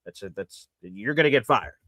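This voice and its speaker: A man hosts a live sports reaction show, ranting sarcastically at his audience and mocking fans in put-on voices. His fairly low voice is expressive and fairly bright, at a moderate pace, captured in clean studio sound with no room sound.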